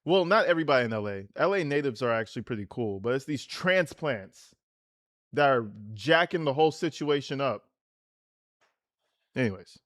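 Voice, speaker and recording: A man's voice: medium pitch, lively intonation, normal speed, fairly bright tone, no echo, studio quality. A man hosting a livestream, reacting to a clip with profane, slangy, mocking rants. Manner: slangy, casual. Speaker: livestream host.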